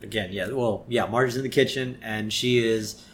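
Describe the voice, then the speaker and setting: A man's voice: on the low side, fairly even intonation, moderate pace. A man co-hosting a podcast, casually and agreeably retelling a cartoon episode. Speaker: podcast co-host.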